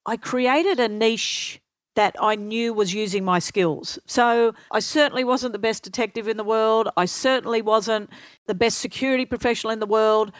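A middle-aged woman telling lively anecdotes as an interview guest, acting out what others said. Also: a little high, normal speed, clear, resonant tone, no echo. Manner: lively anecdotal storyteller, acts out quotes. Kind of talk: storytelling interview.

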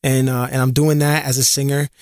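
A man from New York telling stories as an interview guest, animated and slangy, often repeating words. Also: medium pitch, a little fast, dry recording, studio quality. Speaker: interview guest, singer and actor. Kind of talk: casual interview storytelling.

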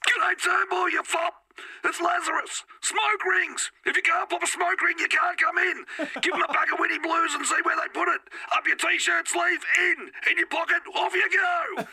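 A man playing a rowdy, shouting suburban Australian bloke who cackles and yells. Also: steady tone, moderate pace, heavily acted, rough recording. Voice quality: shrill, yelling.

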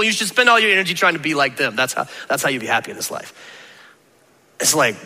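Lively preaching man in an echoing hall. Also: quick pace. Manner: animated, conversational preaching with sudden jumps in pitch. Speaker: pastor. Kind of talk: sermon.

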